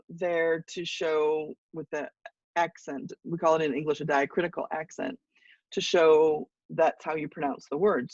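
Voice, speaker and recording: A woman teaching a college English class, explaining patiently with pauses and now and then clearing her throat. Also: low voice, no room sound, highs cut off. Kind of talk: class lecture.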